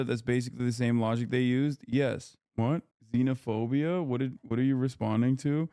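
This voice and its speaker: A man's voice: medium pitch, a little mellow, clear, resonant tone, dry recording, clean studio sound. A man live-streaming, reacting to a debate clip with sarcastic casual commentary and reading out chat. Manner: sarcastic, riffs with chat, slips into mock British voice.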